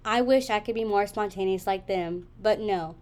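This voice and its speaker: A woman's voice: medium pitch, moderate pace, noisy background. Young woman narrating wryly. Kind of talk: scripted narration.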